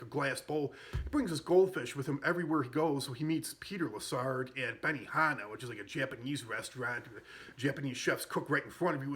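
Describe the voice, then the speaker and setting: A man's voice: mid-range voice, pushed and bright. A man casually recapping a comedy film, rambling and amused, with frequent fillers and self-corrections. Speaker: movie reviewer.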